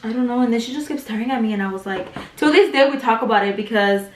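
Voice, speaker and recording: A young woman with a slightly high voice tells a long story to her camera while she does her makeup. She is loose and chatty, swears freely and leans on "like" constantly. The room sounds echoey, and she sits back from the mic. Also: fast, a little hiss or hum. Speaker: beauty vlogger. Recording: roomy sound, mic at a distance.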